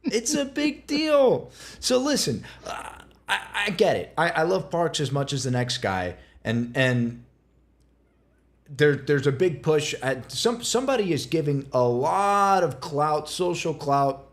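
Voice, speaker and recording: A man talks through a casual podcast, blunt and animated and quick to swear. His voice sits high, and his pitch leaps and drops constantly as he tells stories. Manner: animated storyteller, blunt and profane. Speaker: real estate agent co-host.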